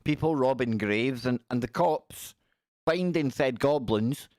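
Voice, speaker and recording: A man's voice: mid-range voice, unhurried, a little mellow, no echo, studio quality. A man hosting a live stream, chatting casually and joking as he reacts to pictures. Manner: jokey, reacting aloud to pictures with quips. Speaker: livestream host.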